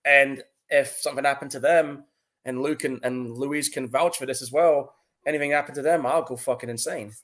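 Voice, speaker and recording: Male podcast co-host, casual chat, frank, profane, reassuring, mid-pitched voice. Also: steady tone, normal speed, a bit bright. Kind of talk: casual watch-along commentary.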